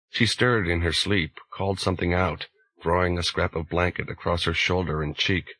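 Male audiobook narrator, deep and husky, measured delivery. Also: no echo, rough recording. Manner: slow, measured, even. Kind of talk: scripted narration.

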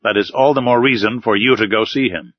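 A man reading as a gruff, impatient harpooner. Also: on the low side, a little fast, no room sound, natural voice. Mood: insistent. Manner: blunt and exasperated. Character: gruff, impatient adult male Canadian harpooner. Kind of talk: audiobook character reading. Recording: slightly dull, dry recording.

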